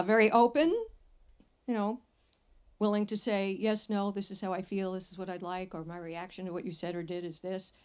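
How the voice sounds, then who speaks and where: This is an older woman with a voice of ordinary pitch for a woman. She hosts a live advice show, and her answers are blunt and dryly funny. She tells her stories with plenty of energy. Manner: blunt, wry, lively storyteller. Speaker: radio advice host. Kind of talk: live show talk with an audience. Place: radio studio with live audience.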